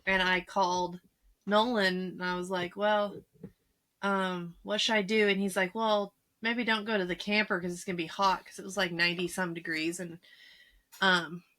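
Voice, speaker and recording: Woman, podcast co-host, bright voice, chatty, giggly storyteller. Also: on the low side, little pitch movement, moderate pace. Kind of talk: casual chat.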